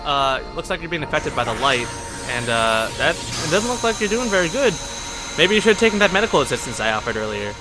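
A man's voice: a little high, big pitch swings, quick pace. A young man giving casual, rambling let's play commentary, joking and talking back to the characters on screen. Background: game music.

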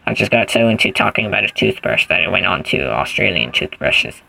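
Male gamer, casual commentary, goofy rambling; low-pitched and gravelly. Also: big pitch swings, brisk, pushed and bright, rough recording. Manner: rambling, goofy, thinks aloud while playing. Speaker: gaming channel host.

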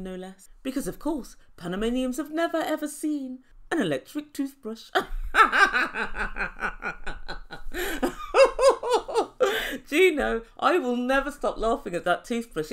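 A woman giving a sarcastic, theatrical recap of a reality show, mocking the people in it and laughing at her own jokes. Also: fairly high pitch. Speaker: reality TV commentator.

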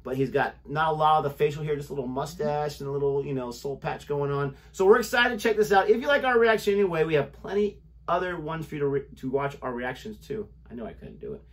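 A man's voice: fairly high pitch, quick pace. A man co-hosting a reaction video in casual chat, teasing his co-host with playful asides.

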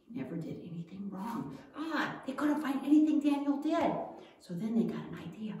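A woman's voice: on the high side, big pitch swings, normal speed, warm tone. Woman telling a children's Bible story. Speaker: Bible school teacher. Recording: echoey room, mic far off.

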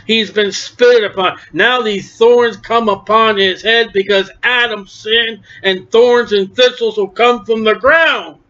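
A man preaching an impassioned sermon, dropping to low murmurs and rising to shouts. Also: fairly even intonation, slow, hardly any pauses. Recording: dull lo-fi recording.

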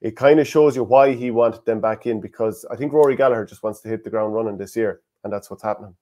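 A man's voice: on the low side, quick pace, warm tone. A man with an Irish accent co-hosting a casual sports podcast, who gives firm opinions and reads out listener comments. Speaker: podcast co-host.

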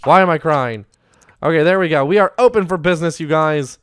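A man's voice: a little high, brisk, fairly bright tone. Upbeat young man narrating his game. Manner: chatty, upbeat, talks to viewers as "you guys". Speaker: gaming YouTuber. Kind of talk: casual Let's Play commentary.

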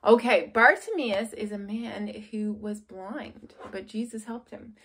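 A woman's voice: mid-range voice, unhurried, fairly bright tone, husky, low-quality recording. A young adult woman leading a children's church lesson, reading a storybook aloud and asking the kids questions in an upbeat way. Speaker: children's ministry leader.

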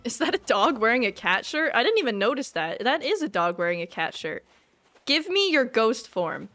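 A woman streamer chatting excitedly with her viewers during a live game stream, laughing often. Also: fairly high pitch, brisk, faint music behind.

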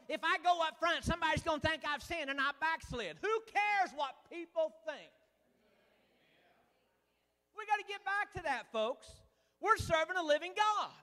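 A man preaching a sermon as pastor in a church, folksy and building to loud preaching with lots of "uh". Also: very high voice. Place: church sanctuary. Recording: church hall reverb.

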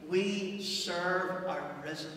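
A male pastor preaching a passionate sermon in a church, surging loud and then falling almost to a hush. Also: high-pitched, very slow. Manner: impassioned preaching, rising and dropping to near hush. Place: church hall. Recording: echoey church hall, distant mic, faint hum.

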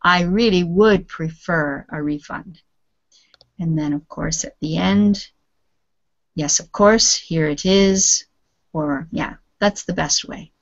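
A woman's voice: fairly low pitch, slow pace. A woman teaching an English lesson over a video call, patiently explaining words and modelling pronunciation. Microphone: computer mic on a video call. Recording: dull lo-fi call audio.

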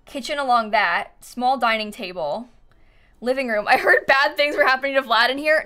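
A bright, fairly high-voiced woman chatting on a live stream as she plays a life-sim game. She giggles often, thinks out loud about her build, and thanks viewers by name. A desk mic picks her up, with keyboard typing behind her. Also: moderate pace.

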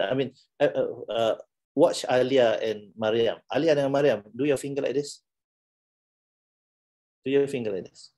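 A middle-aged male lecturer with a Malaysian English accent gives a playful, teasing talk to a class and laughs often. His voice is mid-range and a little mellow.

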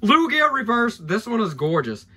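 A man opening trading card packs on camera, excitable and hyped, thinking aloud as he goes and losing his voice. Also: high voice, normal speed, breathy edge. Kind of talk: excited pack-opening vlog.

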